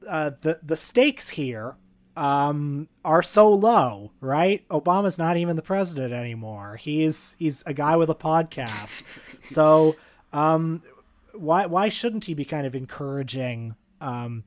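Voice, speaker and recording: A man's voice: medium pitch, unhurried. A man co-hosting a podcast, making a wry, questioning argument in casual chat. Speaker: podcast co-host.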